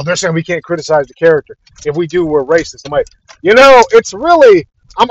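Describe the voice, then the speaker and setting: A young man delivering an exasperated, profanity-heavy casual rant about a fandom, repeating himself as he goes. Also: high-pitched. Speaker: podcast ranter. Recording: dry, dull lo-fi audio.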